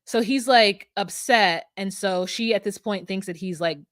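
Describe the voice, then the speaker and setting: A woman co-hosting a podcast, retelling a reality show in casual, animated chat full of "like". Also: medium pitch, moderate pace, dry recording, clean studio sound. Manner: animated storyteller, frequent "like". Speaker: podcast co-host.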